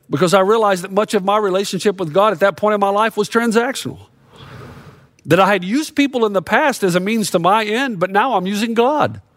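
High-voiced pastor preaching in a dry room. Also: male voice, dry recording. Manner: storytelling, acts out quotes with rising intensity. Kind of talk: sermon.

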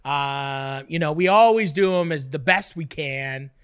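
A man's voice: fairly high pitch, a little slow, a bit bright, smooth. A man co-hosting a comedy podcast who riffs in absurd, self-mocking bits. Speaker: podcast co-host. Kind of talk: loose comedic banter.

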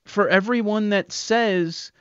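A man with a high-sitting, slow voice and a clean, echo-free tone hosts a sports talk radio show, taking calls and emphatically rattling off numbers. The broadcast itself sounds muffled.

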